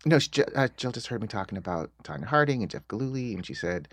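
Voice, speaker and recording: A middle-aged American man, a screenwriter being interviewed, telling self-deprecating stories in a casual, animated way. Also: on the low side, fast, hardly any pauses, no echo, clean studio sound. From United States. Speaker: screenwriter guest.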